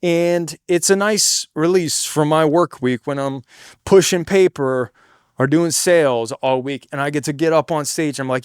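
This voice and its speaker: A man with a high, light speaking voice shares stage tips in a relaxed, slangy way, swearing freely. The sound is close and dry. He sometimes bursts into loud stage patter to show how it is done. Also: moderate pace, smooth, no room sound. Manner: demonstrates stage patter by suddenly getting loud. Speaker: singer in a cover band. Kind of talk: casual advice monologue.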